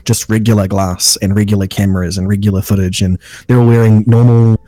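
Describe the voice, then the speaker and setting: A man's voice: lowish voice, flat delivery, a little fast, dark tone, no room sound. A man co-hosting a podcast in casual chat, making wry, sarcastic asides. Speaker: podcast co-host.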